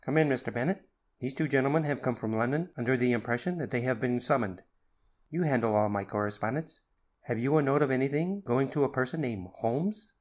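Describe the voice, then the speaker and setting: A man's voice: fairly quick, lightly acted. A man voicing an irascible elderly professor in an audiobook, stiff, cold and suspicious. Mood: stern. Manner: stiff and haughty, rising to high screaming rage. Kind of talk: audiobook character reading.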